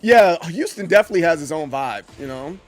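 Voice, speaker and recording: Streamer, forties, drawl, higher-pitched, excitable and full of restarts. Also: male voice, a little fast. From Southern US. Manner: animated, stumbling restarts, acts out quoted voices. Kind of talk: casual live-stream chat with chat.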